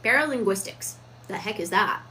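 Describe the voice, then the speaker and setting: A woman giving a reflective, casual talk on personal growth, deliberate with frequent fillers. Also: medium pitch, lively intonation, sharp tone, slight background noise, rough recording. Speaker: self-improvement vlogger.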